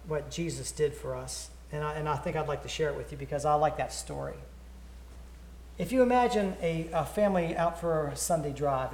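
A preacher talks earnestly to his congregation, stumbling over repeated words as he tells a story. His voice sits a little high for a man. The sound rings in an echoey church. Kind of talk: sermon invitation.

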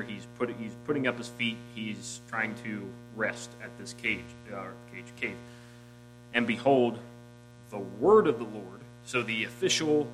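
Male pastor, lower voice, sermon delivery, big dynamic swings, music bed underneath. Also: rough recording. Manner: reads scripture aloud, rising loud on key phrases, dropping soft for quiet lines.

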